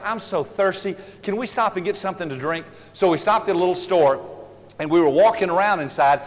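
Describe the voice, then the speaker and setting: A man giving a humorous seminar talk, telling family stories in an animated, joking way. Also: sits high, long reverb tail. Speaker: seminar speaker.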